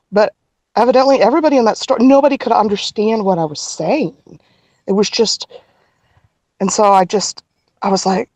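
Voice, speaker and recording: A middle-aged woman telling a personal story as a podcast guest, earnest and halting, with frequent restarts. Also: medium pitch, a little mellow, dry recording.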